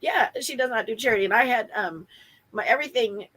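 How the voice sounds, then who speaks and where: A woman speaks as a guest in a casual conversation, her voice pitched fairly high. She is blunt and candid, laughs often, and drops the odd mild swear word. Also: brisk, fairly bright tone, husky, poor audio. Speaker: guest, former client.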